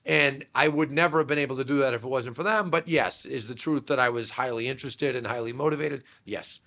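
This Massachusetts man owns a real estate brokerage and is a guest on a podcast, where he rambles through childhood stories in a casual interview full of fillers and restarts. He talks fast in a mid-range voice that sounds pushed and bright.

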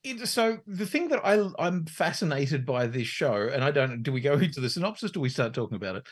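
A woman's voice: deep voice, very animated, brisk, breathy edge. A woman co-hosting a podcast in casual chat, rambling, swearing freely and laughing often. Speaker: podcast co-host.

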